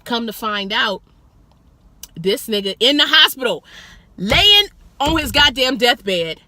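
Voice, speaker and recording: A young woman with a bright, sharp voice recounts a rider's drama in casual vlog storytelling. She swears freely and slips into the voices of the people she quotes. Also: on the high side, slow pace, no echo. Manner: profane, animated, acts out quotes. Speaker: rideshare driver telling a passenger story.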